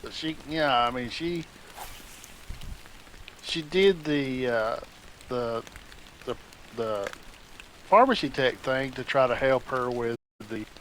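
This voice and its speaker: A man's voice: mid-range voice, fairly bright tone, poor audio. A middle-aged man with a drawl tells a long, rambling story, often restarting his sentences. He talks casually over a voice call headset with a mid-range voice. Faint noise sits under the line. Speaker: gaming stream crew member.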